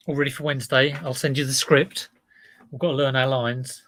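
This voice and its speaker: A man's voice: mid-range voice, little pitch movement, fairly quick, fairly bright tone. A middle-aged man chatting casually on a livestream as a reseller, rambling and self-deprecating.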